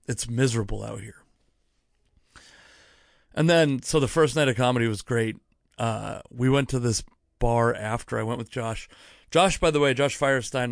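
A man's voice: mid-range voice, gravelly, dry recording, clean studio sound. A young man hosting a solo podcast, telling rambling, profane stories and interrupting himself as he goes. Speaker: podcast host. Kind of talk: casual solo podcast storytelling.

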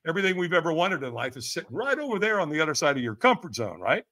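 A man telling a personal story as a podcast guest, emphatic and animated, acting out the voices of people he quotes. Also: fairly high pitch, racing.

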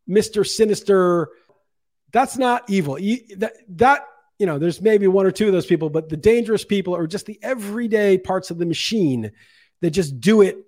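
A man co-hosting a podcast, talking in a heated, profane rant during casual chat. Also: high voice. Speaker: podcast co-host.

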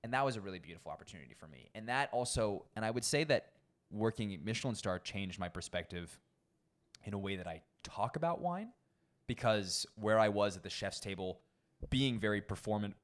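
Young male sommelier guest, low-ish voice, lively casual storyteller who swears freely. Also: moderate pace. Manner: animated, acts out quoted people, frequent swearing.

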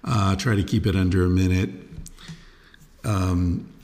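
A man hosting his own podcast, talking in a rambling, relaxed way with many fillers. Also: deep voice, unhurried, in a large hall. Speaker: podcast host. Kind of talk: casual podcast monologue.

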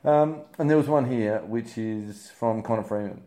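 A man's voice: medium pitch, moderate pace, dark tone, a little hiss or hum. A man casually running through the week's news headlines, wry and sarcastic, with many ums and uhs. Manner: wry, sarcastic, filler-heavy rambling. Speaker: news commentary host. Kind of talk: casual spoken news roundup.

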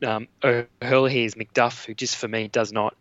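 Bright, hesitant Australian man. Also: medium pitch, little pitch movement, moderate pace, dry recording, muffled recording. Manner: hesitant, many fillers and restarts. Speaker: guest. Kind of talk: casual film discussion.

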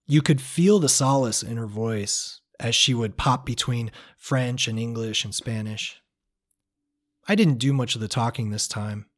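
Man, mid-pitched, narrating his own travel tale; unhurried, reflective and earnest, an even storyteller's read. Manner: reflective, measured, quietly earnest. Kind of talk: first-person story narration.

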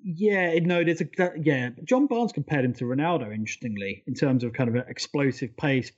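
A man co-hosting a casual football podcast, talking quickly and eagerly through detailed points. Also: medium pitch, animated, highs cut off. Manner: fast, enthusiastic, detailed storytelling. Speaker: podcast co-host.

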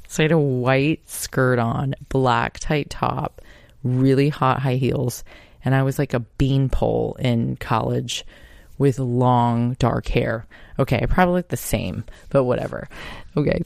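A woman's voice: very deep voice, gravelly, a little mellow, dry recording, clean studio sound. A woman in her thirties hosting a podcast, telling a personal story in a chatty, laughing, casual way. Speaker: podcast host.

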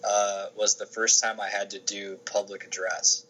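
A man talks through his career in a relaxed, rambling way, circling back and restarting his sentences. His voice sits a little low but has a bright, forceful edge. A faint background hiss runs under the recording. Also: moderate pace, low-quality recording. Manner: rambling, many restarts and fillers. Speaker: sports information director, podcast guest. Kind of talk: casual interview answers.

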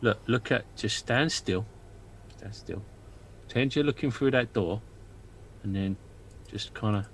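A man voicing a short, stocky warrior with a hammer who is brash and quick to take offence. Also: on the low side, slight background noise. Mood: hushed. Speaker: player.

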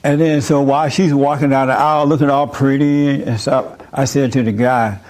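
A man's voice: mid-range voice, fairly even intonation, moderate pace, a little mellow. A man hosting a faith discussion, telling stories with a joking manner and turning preachy when he explains. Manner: joking, chuckles through stories. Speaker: host leading a faith discussion. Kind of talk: casual chat.

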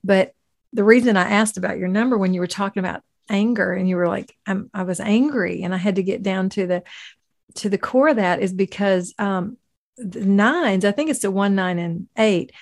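A woman host in easy conversation. She backs up her guest with quick affirmations and laughs at herself. Her voice sits at a middle pitch for a woman. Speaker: podcast host. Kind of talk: casual interview chat.

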